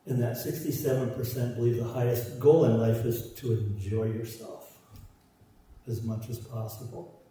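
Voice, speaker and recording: Man, sermon, dark mellow voice, emphatic repetition, echoey hall, mic set back. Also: medium pitch, fairly even intonation, moderate pace, slight background noise. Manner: emphatic, repeats phrases in parallel. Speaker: preacher. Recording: roomy echo, voice from far off.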